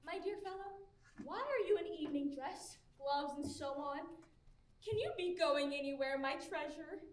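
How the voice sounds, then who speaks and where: A woman's voice: sits high, normal speed, a little hiss or hum, natural voice. A woman playing an effusive, fussy older male landowner who fawns with endearments in a stage play. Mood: fawning. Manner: gushing, fawning with endearments. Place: theater stage. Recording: roomy stage from far off.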